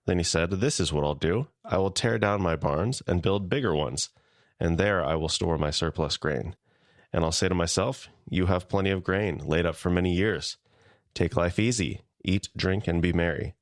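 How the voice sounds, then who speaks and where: A man with a very low voice reads a scripture passage for a podcast. His delivery is measured and even, and the sound is close and dry. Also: dry recording. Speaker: podcast co-host. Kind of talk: scripture reading and casual discussion.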